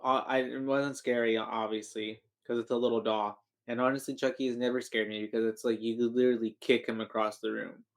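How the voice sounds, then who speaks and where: A man's voice: medium pitch, flat delivery, fairly quick, few pauses. A man co-hosts a podcast in an easygoing way, trailing off and hedging with "like" and "I don't know". His voice sits in an ordinary middle range. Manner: laid-back, hesitant, frequent fillers. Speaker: podcast co-host. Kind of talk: casual movie recap chat.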